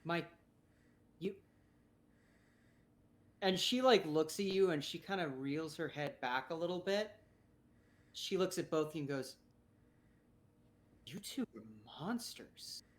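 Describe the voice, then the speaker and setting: A woman's voice: low voice, normal speed. A woman running a tabletop game as game master, talking loosely with many fillers.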